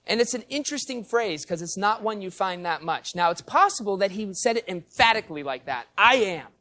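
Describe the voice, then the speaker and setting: Male pastor, fairly high voice, teacherly sermon, explains and quizzes the congregation. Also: fairly bright tone. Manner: teacherly, explains the Greek and asks the congregation questions. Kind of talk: expository sermon.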